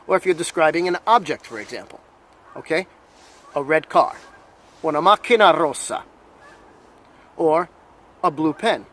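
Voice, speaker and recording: A man with a fairly high, fairly bright voice and an American accent, from New Jersey, USA, teaches an Italian language lesson. He patiently repeats examples and moves back and forth between English and Italian.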